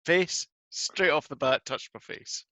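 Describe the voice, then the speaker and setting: A man's voice: a little high, a little slow, sharp tone, no echo, highs cut off. A man co-hosting a podcast, chatting casually and laughing easily. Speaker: podcast co-host. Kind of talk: casual chat.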